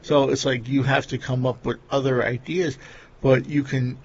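A man's voice: mid-range voice, level tone, normal speed, a little mellow, husky, highs cut off. A man with a Long Island New York accent, hosting a casual chat and rambling with lots of fillers. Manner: rambling, many fillers like "you know" and "like".

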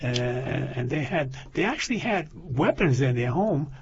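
A man's voice: medium pitch, lively intonation, a little slow, husky, dry recording. An older man in casual chat, rambling through stories with many restarts and laughing at his own jokes. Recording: dull lo-fi sound.

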